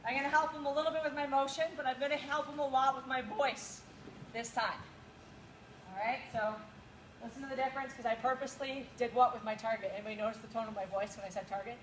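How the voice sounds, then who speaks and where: A woman's voice: high-pitched, fairly even intonation, quick pace. Woman dog-agility instructor, echoey. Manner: coaching, calls cues to the dog in bursts. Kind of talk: outdoor training class instruction. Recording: echoey with loud background noise.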